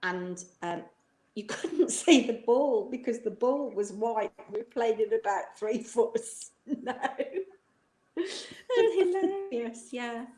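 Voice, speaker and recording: A middle-aged woman who used to teach chats at length over a video call on a live stream, laughing often. Her voice is a little high and warm, and she takes her time. The recording has a roomy echo.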